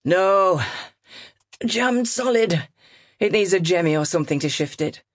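A woman narrator voicing a brisk, offhand male estate agent in an audiobook. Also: on the low side, lively intonation, no room sound, clean studio sound, pitched above the performer's own voice. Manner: brisk and breezy. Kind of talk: audiobook character reading.

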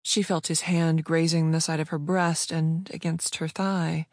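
A narrator reading a fiction audiobook at an even, measured pace. The voice sits in a middle pitch, and the recording is dry with no room echo. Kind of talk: scripted narration.

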